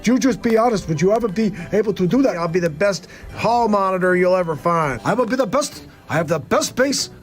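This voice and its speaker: A man's voice: sits high, animated, fairly quick, hardly any pauses, soft background music, pitched above the performer's own voice. A man doing a comedy impression of a rambling, confused elderly male politician who boasts without making sense, in a political sketch.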